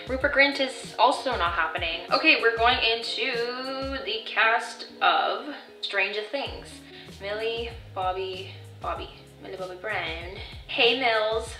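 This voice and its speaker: Bright-voiced chatty young woman vlogger. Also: mid-range voice. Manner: chatty, self-deprecating, reads messages aloud. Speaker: vlogger and actor. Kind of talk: casual vlog chat. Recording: roomy echo, mic at a distance, faint music.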